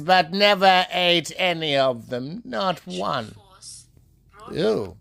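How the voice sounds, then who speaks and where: A man telling a story as a theatrical monologue, swinging between a bright sing-song voice and low sneering tones and calling out to imagined listeners by name. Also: animated, takes it slowly, gravelly.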